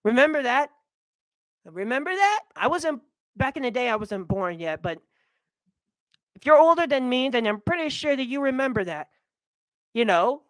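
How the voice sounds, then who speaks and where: A woman's voice: high voice, normal speed, long pauses, no echo, low-quality recording. Young woman in a heated rant. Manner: heated, animated ranting. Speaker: vlogger. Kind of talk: ranting monologue.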